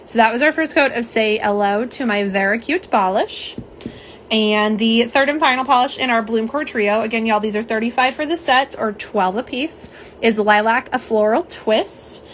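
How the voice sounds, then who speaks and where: A woman's voice: a little high, moderate pace, slight background noise. A young woman hosting a casual live stream, chatting and reading viewer comments aloud. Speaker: livestream host. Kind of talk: live unboxing and swatch stream.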